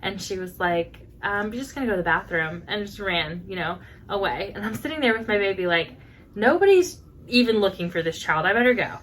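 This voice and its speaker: A woman in her thirties co-hosting a podcast, telling a story in a lively chat and acting out the voices of the people in it. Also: medium pitch, a little fast, slight background noise. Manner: animated storyteller, acts out quotes with laughs. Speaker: podcast co-host. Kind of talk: casual chat.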